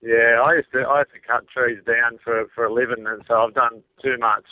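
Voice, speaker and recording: A man's voice: medium pitch, little pitch movement, a little fast, no echo. Australian man on a phone line. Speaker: caller. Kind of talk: casual phone chat.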